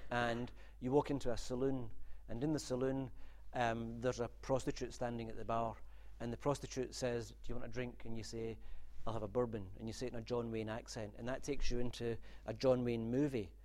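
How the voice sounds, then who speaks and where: A man's voice: mid-range voice, level tone, fairly quick, hardly any pauses, darkish tone. A man lectures on literary theory. His delivery is wry and discursive, with asides and restarts. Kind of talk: university lecture. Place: lecture room.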